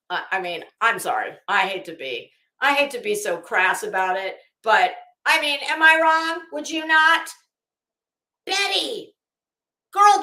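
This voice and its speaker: A woman hosts a live stream in a sharp, bright voice pitched a little high. She reads the chat and trades catty, sarcastic gossip, swearing freely. The sound carries a roomy echo. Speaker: livestream host.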